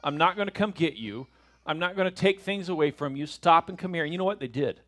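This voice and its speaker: A middle-aged man teaches a Bible lesson. He is conversational and often asks rhetorical questions. His voice sits a little high for a man. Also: fast, a bit bright.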